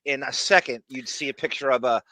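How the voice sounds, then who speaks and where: A man's voice: medium pitch, fairly quick, pushed and bright, dry recording. A man co-hosting a podcast in casual chat, playful and giggly, often breaking into laughter. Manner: giggly, playful, bursts into laughter and silly voices. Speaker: podcast co-host.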